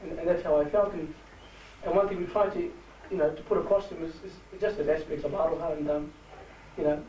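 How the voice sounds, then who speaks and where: A man with a New Zealand Māori accent, giving a halting, heartfelt speech to a rugby team. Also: a little high, fairly even intonation, a little hiss or hum. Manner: halting, warm-hearted, switches between Māori and English. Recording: echoey room from far off.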